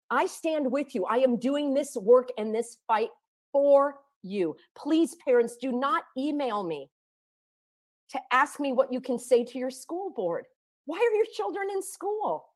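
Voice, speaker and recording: A woman speaking straight to her viewers, out of breath, firing rhetorical questions that build to near-shouting. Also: high voice. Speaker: activist vlogger. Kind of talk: impassioned direct-to-camera monologue.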